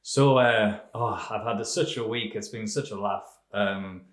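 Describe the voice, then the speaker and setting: A man hosting a comedy podcast, overconfident and deadpan, brushing off his mistakes. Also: lowish voice, unhurried, roomy sound, far from the mic. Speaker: podcast host.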